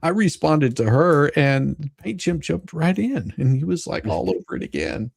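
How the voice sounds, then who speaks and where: A man's voice: fairly high pitch, big pitch swings, normal speed, creaky, no echo, studio quality. A man co-hosting a casual live-stream chat, stumbling over his starts and laughing along. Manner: stammering restarts, laughing along.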